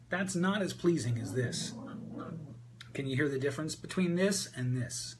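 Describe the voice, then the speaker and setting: A man coaching an audience on a group call, answering their questions about voice and speaking in a candid, energetic way with frequent fillers. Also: medium pitch, moderate pace, noisy background. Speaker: voice and presentation coach. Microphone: video call.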